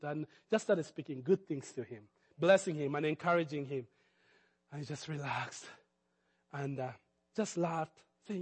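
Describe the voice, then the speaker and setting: A middle-aged man, a pastor, preaching a sermon and telling a story, moving between quiet asides and loud preaching. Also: a little high, moderate pace, slightly rough. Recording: long hall reverb.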